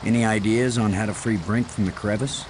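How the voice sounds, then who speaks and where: An actor playing a calm male expedition commander who talks in a dry, matter-of-fact way. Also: fairly low pitch, a little fast, background noise, lightly acted.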